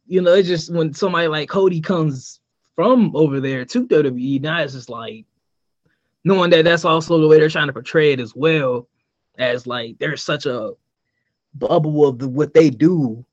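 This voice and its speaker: A man's voice: on the high side, normal speed, dry recording, highs cut off. A man co-hosting a casual podcast, easygoing and laughing, filling his talk with "like" and "you know.". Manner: relaxed, lots of "like" and "you know", laughs easily. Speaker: podcast co-host.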